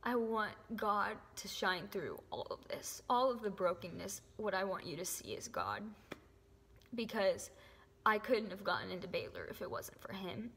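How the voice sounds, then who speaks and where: A young woman gives an earnest, emotional faith testimony to camera, often dropping to a soft whisper. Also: medium pitch, expressive, normal speed, slightly rough. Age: young adult. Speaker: faith vlogger. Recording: echoey room with long reverb.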